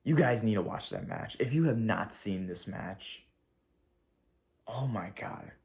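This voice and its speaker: A man with a slightly low voice gushes about a wrestling show in a loose, casual video review. He swears often and rambles, throwing in slang as his excitement builds. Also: creaky. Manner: excitable, profane and gushing.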